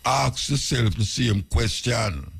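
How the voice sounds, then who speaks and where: A man's voice: mid-range voice, animated, takes it slowly, vocal fry, husky. A man with a Jamaican accent hosting a radio talk, lecturing through rhetorical questions. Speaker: radio host.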